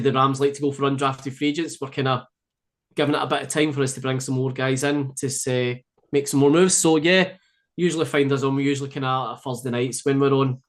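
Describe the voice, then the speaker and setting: A man's voice: medium pitch, steady tone, fairly quick. A man from Scotland with a Glasgow-area accent, chatting easily as a podcast guest with many fillers and restarts. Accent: Scottish, Glasgow area. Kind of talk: casual chat.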